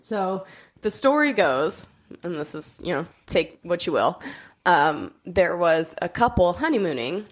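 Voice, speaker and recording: Lowish-voiced woman in casual chat. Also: measured pace. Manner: laughing, teasing, animated storytelling. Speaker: podcast co-host.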